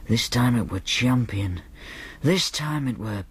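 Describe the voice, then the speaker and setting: A man with a Northern English accent narrating an audiobook in a deadpan, matter-of-fact manner. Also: mid-range voice, measured pace, husky. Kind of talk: first-person audiobook narration.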